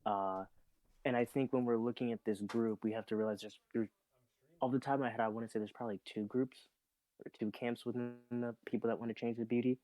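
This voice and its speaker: A man's voice: mid-range voice, steady tone, brisk, warm tone, dry recording, rough recording. A man in a casual group discussion, laying out his points step by step with careful hedging. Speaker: podcast co-host.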